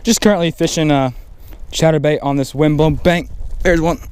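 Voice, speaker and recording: A man, talking casually while fishing a windy pond bank, getting excited and repeating himself when a fish bites. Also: a little high, moderate pace, clean tone. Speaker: fishing vlogger. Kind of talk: casual outdoor vlog commentary. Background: faint wind and outdoor ambience.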